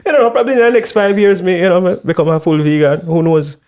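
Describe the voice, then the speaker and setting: A man's voice: high-pitched, steady tone, fast talker, a little mellow. A man with a Jamaican accent, co-hosting a podcast in casual chat, telling stories animatedly, laughing often and slipping into patois. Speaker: podcast co-host.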